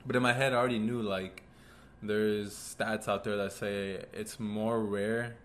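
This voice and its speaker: Laid-back young man with a low voice. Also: level tone, measured pace, a little hiss or hum. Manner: laid-back storytelling with frequent fillers. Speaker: podcast co-host. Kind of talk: casual chat.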